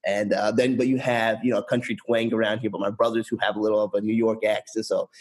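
A young man from rural East Tennessee whose first language was Bengali, speaking in a slightly low voice. He talks in an easygoing, halting way, full of "um"s and restarts, as a guest in a casual interview. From rural East Tennessee, USA. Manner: relaxed, hesitant, many fillers and restarts.

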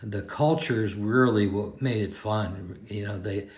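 An older man, a former teacher, telling animated stories in casual conversation. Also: unhurried, echoey room. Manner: animated storyteller, does squeaky kid voices. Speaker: guest, retired teacher. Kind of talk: casual storytelling.

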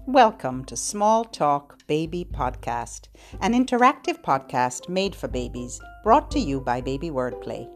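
A woman's voice: deep voice, very animated, measured pace, few pauses, soft background music. A woman who is a children's librarian, hosting a sing-along lesson for babies in a playful, sing-song way. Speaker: children's librarian and podcast host.

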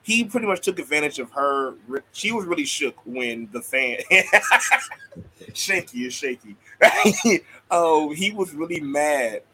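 Lively, bright-voiced joking man. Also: on the high side, measured pace, slight background noise, poor audio. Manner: joking, animated, stumbles and repeats words. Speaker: podcast co-host. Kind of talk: casual wrestling chat.

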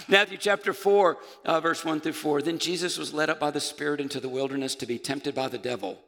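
A man preaching a sermon as pastor, moving between loud calls and hushed, near-whispered passages. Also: on the high side, fairly even intonation, brisk. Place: church sanctuary. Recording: church sanctuary with long reverb.

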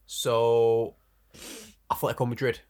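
A man's voice: medium pitch, flat delivery, slow, darkish tone, smooth. A man in casual banter, joking and running a football quiz.

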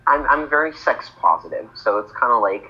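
A man co-hosting a casual comedy podcast, rambling and hedging with halting restarts. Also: medium pitch, expressive, pushed and bright, highs cut off. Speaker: podcast co-host.

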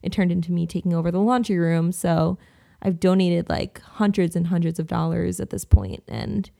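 A woman in her twenties co-hosts a podcast and tells stories in a relaxed, chatty way. Her voice sits a little low and has a gravelly, fry-laced edge. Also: normal speed. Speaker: podcast co-host. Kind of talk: casual chat.

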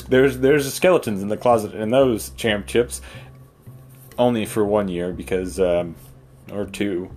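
Man, podcast host, rambling, self-interrupting storyteller, mid pitch, faint guitar bed behind. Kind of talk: casual solo podcast storytelling.

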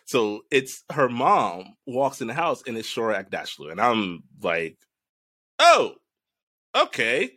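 Man, casual podcast storyteller, lively and bright, swears a lot, dry close mic. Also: lowish voice, measured pace, few pauses, no room sound. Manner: animated storyteller, swears freely, laughs often. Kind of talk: casual chat, recounting a dream.

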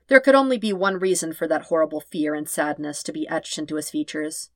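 A woman calmly narrating a fan story in a steady, even reading voice. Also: sits low, fairly quick, dry recording, clean studio sound. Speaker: podfic reader. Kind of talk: scripted narration.

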